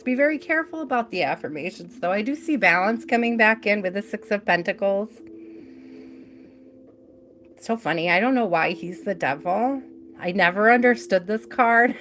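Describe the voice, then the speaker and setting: A woman's voice: mid-range voice, fairly bright tone, a little hiss or hum. A middle-aged woman hosting a live tarot reading, chatting in an easygoing way with mild swearing. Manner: chatty, easygoing, mildly profane.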